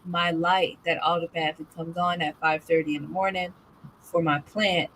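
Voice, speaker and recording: A woman hosting a casual chat, telling stories animatedly with loud, cursing rants. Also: lowish voice, moderate pace, a little hiss or hum, low-quality recording. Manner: animated storyteller, curses herself out in loud acted rants. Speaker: host.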